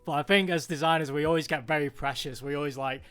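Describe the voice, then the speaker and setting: Give me an animated British man hosting a stream. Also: fairly high pitch, fast talker, clear, resonant tone. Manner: animated, acts out quoted people in raised voices. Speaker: stream host. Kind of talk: casual chat.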